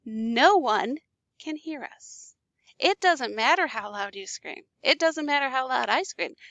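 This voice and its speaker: A woman's voice: high-pitched, lively intonation, normal speed, gravelly, sharp tone, dry recording, full character voice. A woman voicing a vengeful man who taunts his trapped victim in a gloating way.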